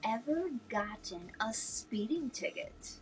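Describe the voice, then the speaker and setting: A woman's voice: a little high, lively intonation, takes it slowly, faint music behind, poor audio. A woman hosting a talk show, asking playful questions and often exclaiming in surprise. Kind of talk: casual interview.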